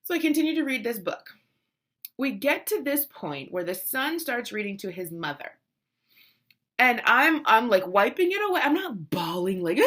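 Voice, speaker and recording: A husky, high-pitched woman in her thirties speaks at a moderate pace. As a mother relating a family story, she's casual and emotional, animated, with many restarts and voices quoted along the way.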